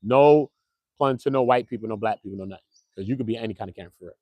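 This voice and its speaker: A man hosting a casual online commentary show, animated and slangy, talking straight to his viewers. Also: fairly low pitch, very fast, dry recording. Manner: animated, slangy, keeps calling viewers bro. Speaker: commentary channel host.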